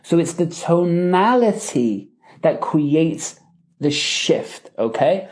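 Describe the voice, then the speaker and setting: A man coaching in a live question-and-answer session, emphatic and animated, often checking in with "right?" and "okay?". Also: fairly high pitch, takes it slowly. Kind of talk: live Q&A teaching.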